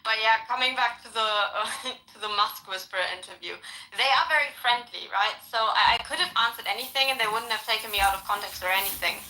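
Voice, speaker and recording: Bright animated woman in an echoey room. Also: on the high side, fast. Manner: animated, laughs while telling stories. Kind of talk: casual podcast conversation.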